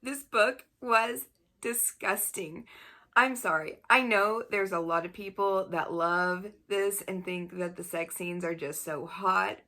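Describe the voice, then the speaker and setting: A woman's voice: a little high, takes it slowly, bright, forceful tone. A woman reviewing books in a casual video, blunt and exasperated, often breaking into laughter. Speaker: book reviewer.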